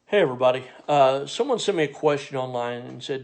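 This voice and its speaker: A comedian from Missouri telling a funny story in a dry, exasperated way, sometimes breaking into incredulous rants. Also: male voice, medium pitch, animated, quick pace, vocal fry, few pauses, darkish tone. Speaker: stand-up comedian.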